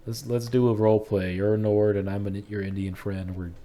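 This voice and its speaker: A man's voice: lowish voice, little pitch movement, fairly quick, mellow, a little hiss or hum. A man hosting a casual podcast chat, laughing often and rambling. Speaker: podcast host.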